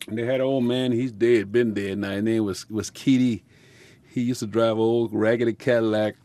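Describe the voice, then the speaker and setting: Older Louisiana man with a mellow voice. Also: on the low side, steady tone, moderate pace, no room sound. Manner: rambling, laughs often, folksy speech. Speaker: musician. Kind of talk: storytelling interview.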